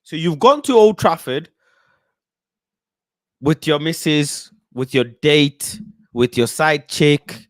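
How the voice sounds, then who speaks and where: A man hosting casual football chat, animated and full of slang, often breaking into chants and impressions. His voice sits a little high for a man, and the sound is dry and close with no room echo. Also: slow, long pauses. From United Kingdom. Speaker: football channel host.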